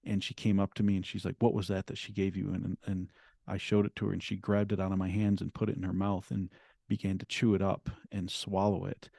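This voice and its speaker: A middle-aged man speaks as an interview guest, recounting his past in an earnest, halting way that often restarts mid-sentence. His voice sits low and mellow. The recording is close and dry. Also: monotone, vocal fry, no echo. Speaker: guest, memoir author. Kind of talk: telling his story in an interview.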